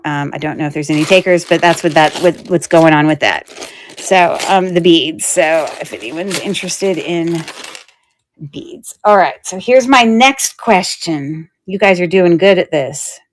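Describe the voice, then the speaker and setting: A woman's voice: low-pitched, a little slow, a little hiss or hum. A woman hosting a live jewelry sale, chatting casually with her viewers and laughing easily. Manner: chatty and giggly, with frequent fillers. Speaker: online shop host selling jewelry on a live stream. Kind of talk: casual live-stream selling chat.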